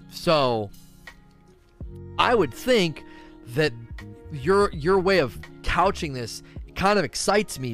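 A man streaming live, reading viewer questions and rambling through his answers in a casual chat. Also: medium pitch. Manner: animated, rambling, reads chat questions aloud.

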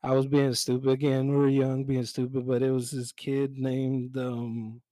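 A young man spins a work story for his podcast in a relaxed, casual voice. He swears freely and acts out both sides of the exchange at a mid pitch. The sound is close and dry, with no room. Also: normal speed, dry recording, poor audio. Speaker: podcast co-host. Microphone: own mic, remote call.

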